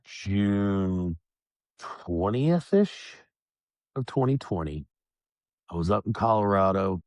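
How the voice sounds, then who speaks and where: A man with a very low voice tells his story as a guest on a podcast. He talks in a plain, calm and reflective way. His voice sounds dry and close, with no room sound around it. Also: takes it slowly, dry recording. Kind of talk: candid personal storytelling.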